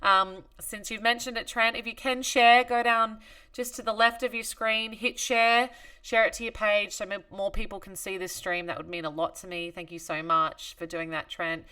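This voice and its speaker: A woman's voice: medium pitch, steady tone, moderate pace, pushed and bright, clean tone, distant mic. A woman hosting a livestream concert, chatting casually and greeting viewers by name as she reads their comments. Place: home studio.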